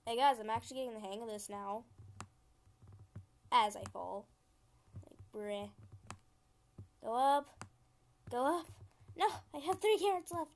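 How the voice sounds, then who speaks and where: A woman's voice: fairly high pitch, expressive, measured pace, pauses often. A young woman casually commenting as she plays a computer game, chatty and easily frustrated, often laughing. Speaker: gaming channel host.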